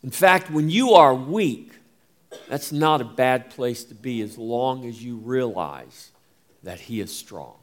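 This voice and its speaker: A man preaching a sermon as pastor, slow and emphatic, rising and falling as he drives each point home. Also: medium pitch, lively intonation.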